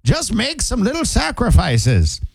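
A man doing a cranky elderly man who stretches out every word in a creaky, sing-song voice. The pitch swings wide and high, and the delivery is slow. The sound is close and dry. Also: wildly swooping pitch, no echo, exaggerated voice. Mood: grumbling. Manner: creaky, drawn-out old-person voice. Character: grumbling elderly man, set in his ways.

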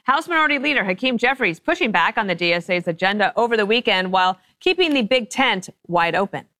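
A woman hosting a television news panel show, reading introductions and questions in a brisk, crisp anchor delivery on a studio microphone. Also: mid-range voice, expressive, bright, forceful tone, dry recording. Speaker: talk show host.

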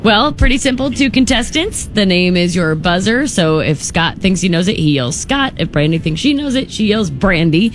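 A woman co-hosting a morning radio show, explaining game rules in an upbeat, brisk way. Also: mid-range voice, very animated, soft background music.

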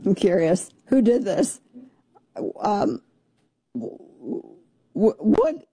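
A talk radio host commenting on air in a joking, incredulous way and often repeating herself. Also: female voice, medium pitch, big pitch swings, extremely slow, dark tone, slightly rough, no room sound.

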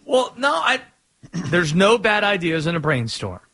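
Brief: podcast host, male, upbeat casual chat, voice sits a bit high. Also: big pitch swings, a little slow, a bit bright, husky. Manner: upbeat, wraps up with show plugs.

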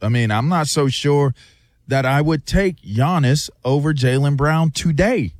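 A man's voice: fairly high pitch, a little slow, no room sound, clean studio sound. A man in casual sports debate, hesitant, with stumbling restarts.

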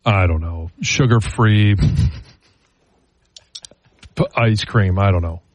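A man's voice: fairly low pitch, slow, no echo, highs cut off. A man co-hosting a radio sports show, trading casual, joking banter about food with his co-hosts. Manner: easygoing, joking, plainspoken.

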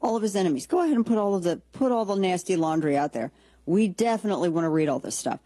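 A woman hosts a political talk show with a slightly husky voice, recorded dry and close to the mic. She talks in a sarcastic, blunt, joking way and often restarts her sentences as she thinks aloud. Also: fairly low pitch, lively intonation, quick pace, dark tone, no room sound. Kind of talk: opinionated political commentary.

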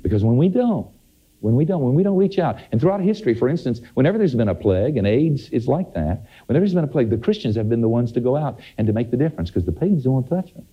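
A man's voice: medium pitch, very animated, quick pace, breathy edge. A man preaching a sermon, emphatic, his voice climbing sharply on key points. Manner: emphatic, rising to exclamations. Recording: dull lo-fi sermon recording.

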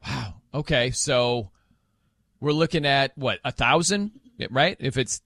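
A man's voice: mid-range voice, slow, a bit bright, dry recording, studio quality. A man hosting a late-night show, chatting casually and teasing his co-host playfully. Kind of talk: casual chat.

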